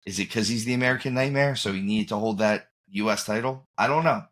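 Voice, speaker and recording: A man's voice: on the low side, fast, a bit bright. A man hosting a podcast in casual chat, rambling and often trailing off and restarting mid-thought. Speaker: podcast host.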